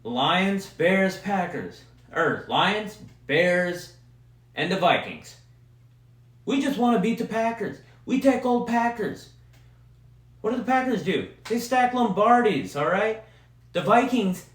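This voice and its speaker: A man from Wisconsin hosts a solo podcast, ranting heatedly about football with heavy profanity. His voice sits high and runs a little slow, with a roomy echo on the recording.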